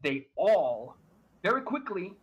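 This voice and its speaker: A man with a husky, fairly high voice narrates a tabletop game as game master. He talks in a halting way, stopping and restarting his sentences as he describes the scene. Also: big pitch swings, lo-fi sound. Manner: halting, full of fillers and restarts.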